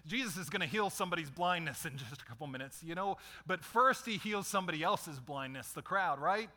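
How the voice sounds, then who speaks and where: A man's voice: high voice, expressive, brisk, hardly any pauses, pushed and bright. A middle-aged man preaching a conversational sermon as a pastor, putting questions to his listeners.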